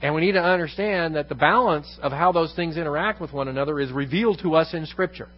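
A man's voice: a little high, quick pace, lo-fi sound. A man teaching a congregation in an evening Bible lesson, repeating key phrases for emphasis and putting questions to the room. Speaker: pastor. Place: church room.

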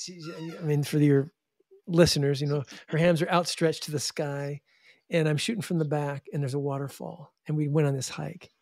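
A man telling stories in an interview in an animated way, often restarting and acting out the people he quotes. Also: fairly high pitch, no echo, clean studio sound. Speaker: charity founder and guest. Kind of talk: interview storytelling.

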